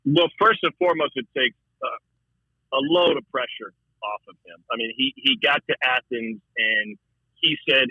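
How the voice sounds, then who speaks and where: Broadcaster guest calling in: man, raspy, phone-thin sound, lively restarts. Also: moderate pace, dry recording, phone-quality sound. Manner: animated, repeats words, shifts pitch a lot. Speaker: college football broadcaster, guest. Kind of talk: casual sports talk.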